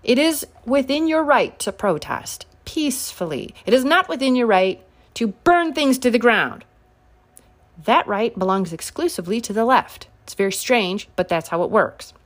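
A woman's voice: fairly high pitch, lively intonation, normal speed. A woman giving casual political commentary, sarcastic and combative, pushing her voice up sharply on her biggest points.

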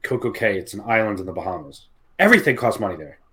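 A man's voice: fairly low pitch, big pitch swings, quick pace, pushed and bright. A man co-hosting a podcast, chatting casually, teasing his co-host and reading out posts in a mocking tone. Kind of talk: casual chat.

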